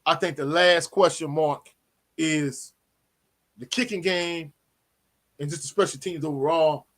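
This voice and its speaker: A man's voice: on the high side, unhurried. Slangy man hosting a live chat. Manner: animated, slangy, repeats "you know what I'm saying". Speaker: sports talk host.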